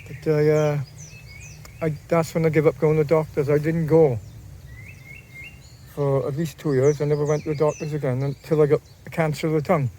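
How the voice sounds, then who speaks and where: Male vlogger, chatty and meandering, slightly high, warm tone, faint outdoor birds. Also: flat delivery, brisk, pauses often, a little hiss or hum. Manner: rambling, repeats and restarts phrases. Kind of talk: casual talk to camera.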